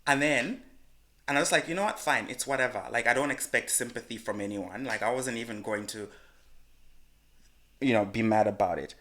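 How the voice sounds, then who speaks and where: A man, co-hosting a podcast and telling a personal story in frank, animated casual chat. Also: on the low side, moderate pace, pauses often. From Malawi. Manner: animated, frank storyteller who swears freely. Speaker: podcast co-host.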